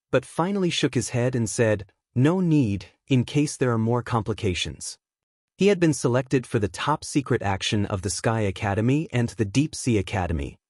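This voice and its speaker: Guy reading a fantasy audiobook, steady and even, mid voice, super dry sound. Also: mid-range voice, dry recording. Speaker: audiobook narrator. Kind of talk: scripted audiobook narration. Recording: dry close-miked studio sound.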